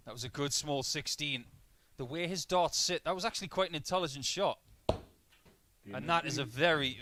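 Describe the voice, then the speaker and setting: A man giving live darts commentary, breaking down averages, doubles and shot choices as play unfolds. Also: on the high side. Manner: analytical, stat-heavy play-by-play. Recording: noisy line with clicks.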